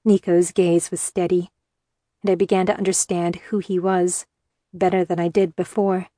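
A woman narrating a first-person novel in a measured, earnest way. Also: fairly low pitch, level tone, mellow, no room sound, clean studio sound. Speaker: audiobook narrator.

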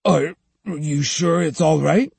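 A man's voice: on the high side, animated, unhurried, gravelly, a little mellow, husky, dry recording, exaggerated voice. A man voicing an anxious, apologetic adult male manager who is eager to please, in an audiobook reading. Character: flustered, fawning adult male shipping manager.

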